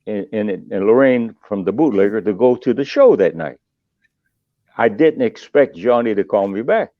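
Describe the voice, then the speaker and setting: An older man, a guest musician, telling stories in a podcast interview, emotional and animated, his voice jumping up when excited. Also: on the low side, dry recording, narrow, tinny audio.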